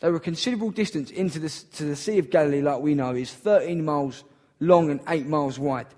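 High-voiced earnest male preacher. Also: fast, darkish tone. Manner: earnest, emphatic, repeats key phrases. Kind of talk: sermon.

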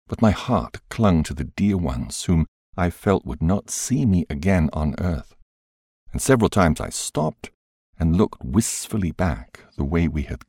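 Man, audiobook narration, very deep voice, lively intonation, dry close sound. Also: husky, no echo.

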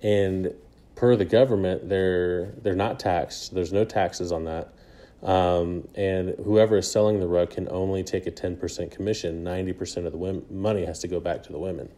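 A man's voice: low-pitched, fairly even intonation, moderate pace, warm tone. A young man casually telling a travel story on a podcast, rambling with lots of fillers and frequent laughs. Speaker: podcast co-host.

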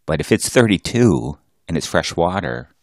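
A middle-aged man with a deep, low voice chats in casual banter, jokey and self-mocking. His pitch swings around a lot as he talks. The sound is dry and close, with no room echo. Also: big pitch swings, moderate pace. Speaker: podcast co-host.

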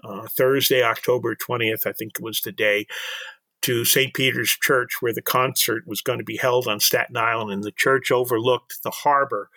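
A man's voice: medium pitch, steady tone, moderate pace, pushed and bright, no echo. An older man, telling a personal story earnestly as an interview guest, often repeating words as he goes. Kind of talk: storytelling in conversation.

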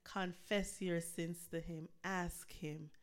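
Slow, smooth-voiced woman minister. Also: on the low side, fairly even intonation. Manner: measured, earnest, repeats her appeals. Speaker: church minister giving the altar call. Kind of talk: sermon follow-up and invitation.

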